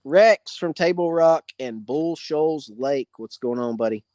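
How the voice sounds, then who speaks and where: A man's voice: on the high side, lively intonation, unhurried, darkish tone, dry recording. A man hosting a casual live fishing Q&A, greeting viewers by name. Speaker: fishing channel host. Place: outdoors by a campfire.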